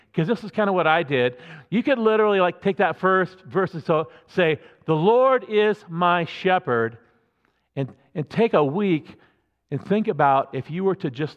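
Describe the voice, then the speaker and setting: A man's voice: a little high, in a large hall, muffled recording. A man preaching a sermon as a pastor, in a conversational, emphatic way with many restarts.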